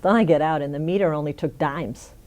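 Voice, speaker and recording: A woman's voice: deep voice, quick pace, darkish tone. A middle-aged woman in an oral history interview, telling a funny story with frequent laughs. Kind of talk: conversational storytelling.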